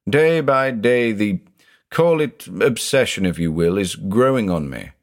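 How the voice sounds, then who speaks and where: A deep-voiced man doing a haunted old judge. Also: lively intonation, a little slow. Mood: anguished. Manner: intense, growling, confessional. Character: haunted, obsessive older male judge, brooding.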